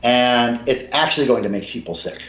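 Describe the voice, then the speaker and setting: A man in casual conversation from his apartment, talking emphatically, swinging between low mutters and raised, swearing outbursts. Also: brisk, fairly bright tone. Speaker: guest. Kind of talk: casual video call conversation. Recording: roomy, dull lo-fi sound.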